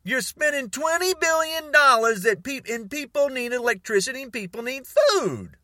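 Exasperated male ranter: high, animated voice, sarcastic and heated, dry sound. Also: normal speed, no echo. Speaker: political commentator. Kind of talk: ranting monologue to camera.

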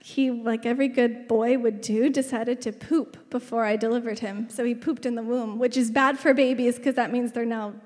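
A pastor in her thirties preaches in a large church hall with a long reverb, telling stories in a chatty way, laughing often and dropping to a whisper at tender moments. Her voice is a little high and a little mellow, steady in tone, at normal speed with hardly any pauses.

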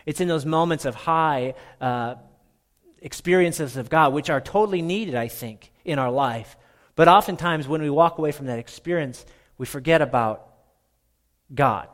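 Pastor, man from Minnesota, animated and self-deprecating, slightly high voice. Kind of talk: sermon.

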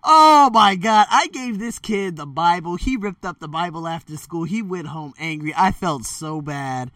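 Bright, rambling man telling stories. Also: sits high, a little slow, dry recording, far from the mic. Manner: rambling, loose and candid, full of fillers and self-corrections; animated, jumps into quoted voices. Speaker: storyteller vlogger. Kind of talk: casual spoken storytelling. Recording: dry sound, set back from the mic.

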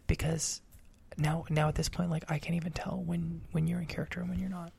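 A podcast co-host in casual comedy chat, bossy and quick, stumbling into restarts. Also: medium pitch, little pitch movement, creaky, a little mellow, slightly rough.

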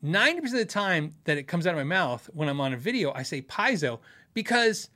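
Middle-aged guy rambling about guitars to his viewers, bright voice, laughs a lot. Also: fairly high pitch, sing-song, quick pace. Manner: rambling, laughs often, self-deprecating. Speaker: host of a guitar show answering viewer questions. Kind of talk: casual live-stream chat.

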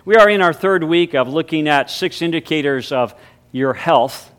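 A male pastor giving a sermon, moving from a hushed, reverent prayer into emphatic preaching with deliberate, drawn-out stresses. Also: a little high, clear, resonant tone. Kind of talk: spoken prayer.

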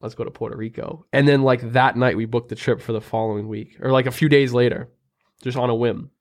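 A man's voice: medium pitch, steady tone, a little fast. A young man co-hosting a podcast, chatting casually and telling rambling stories full of fillers. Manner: rambling storyteller, lots of "like" fillers. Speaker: podcast co-host. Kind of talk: casual chat.

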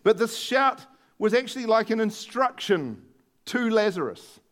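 A man with a high-pitched voice preaches a sermon in a conversational tone. He retells a story and adds emphatic stresses along the way. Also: animated, a little slow, fairly bright tone.

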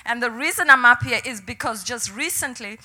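Older female minister, fervent, high bright voice, testimony that builds to a rallying cry. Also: fairly quick. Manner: passionate, builds to exhortation. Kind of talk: sermon testimony.

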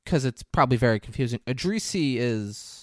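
A man casually recapping a movie as a podcast host, telling it in an animated way with swearing. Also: mid-range voice, brisk, no echo, clean studio sound. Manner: animated storytelling, swearing, jumps into voices.

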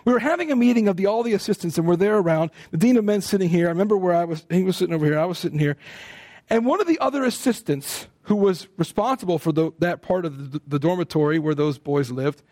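A man with an American accent preaching at a conference, his voice sitting high and bouncing all over. He tells his stories with animation, slipping into the voices of the people in them. The delivery feels like a lively sermon. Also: quick pace, no echo, studio quality. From United States. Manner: animated storytelling, acting out quoted speech.

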